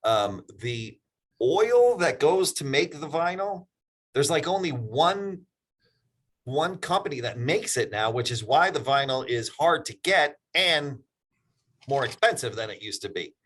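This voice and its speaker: A man's voice: on the high side, big pitch swings, a little slow, fairly bright tone. A man hosting a podcast, chatting casually with his guest and telling a story of his own. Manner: easygoing, laughs along, short affirmations. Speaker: podcast host.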